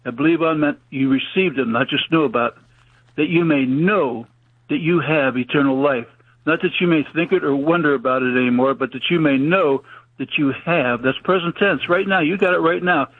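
A man preaching fast and urgently as a caller on a radio talk show, with folksy, plain-spoken grammar. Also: a little high, slightly rough, no echo. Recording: tinny phone line on radio.

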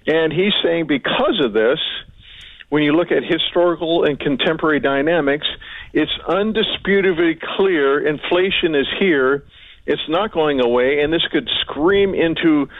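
A man's voice: fairly high pitch, no echo. A man giving rambling market commentary as a regular guest, with many fillers and restarts. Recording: tinny phone line.

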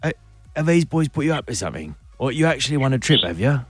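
A man doing a husky action-star impression as a radio prank, low and jokey. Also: sing-song, fast talker, no room sound, soft background music. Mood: jovial. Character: gruff charming British action star, male.

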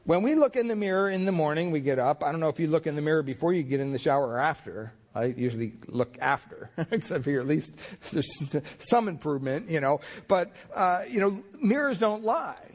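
A pastor with a fairly high voice preaches a sermon in a brisk, animated way with few pauses. His style is folksy storytelling, full of restarts, and he acts out the people in his anecdotes by voicing their words.

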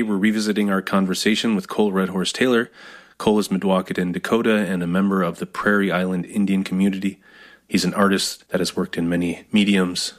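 A man hosting a radio show, reading a smooth intro and then chatting with his guest. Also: low-pitched. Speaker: radio host. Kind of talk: scripted show intro, then interview chat.

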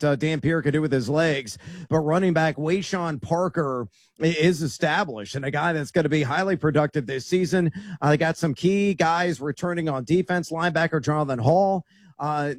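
A man's voice: on the high side, no room sound, clean studio sound. A man co-hosting a sports betting show who gives upbeat, emphatic picks, with frequent "uh" fillers between his points. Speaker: sports analyst co-host.

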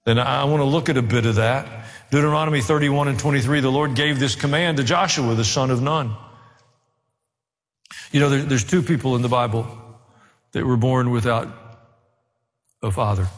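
A man's voice: medium pitch, moderate pace, pauses often. A male pastor preaching a sermon, earnest, with dry asides and a rise to emphatic, fervent delivery. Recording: reverberant hall.

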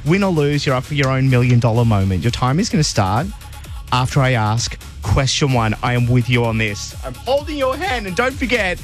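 A man hosting a radio quiz, talking in quick, encouraging patter to a contestant and listeners. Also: on the high side. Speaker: radio host.

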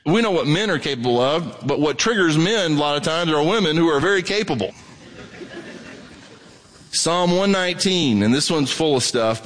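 A male pastor delivers a sermon with a fairly high voice. He talks plainly and bluntly, swinging from excited bursts to hushed asides. Long reverb from the church hall trails his words.

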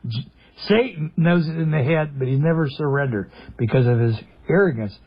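A man delivers a sermon over the radio in a husky, slightly raised voice. He drives his points home with emphasis, posing questions to listeners and answering them himself. The broadcast sound is dull and lo-fi. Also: fairly high pitch, moderate pace. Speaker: preacher.

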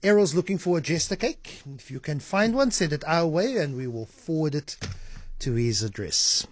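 Lively radio host, high voice. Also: male voice, normal speed, breathy edge. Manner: lively, animated. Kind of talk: radio talk show hosting. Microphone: studio mic.

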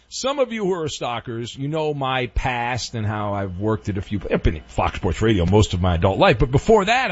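A man's voice: mid-range voice, highs cut off. A middle-aged man hosting a call-in sports talk radio show, joking and teasing callers with playful bluster.

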